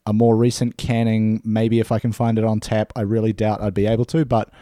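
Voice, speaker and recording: Male co-host, mellow and low, laid-back with restarts, dry close recording. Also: brisk, dry recording. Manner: relaxed, hesitant, repeats words. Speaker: podcast co-host. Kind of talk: casual chat over beers.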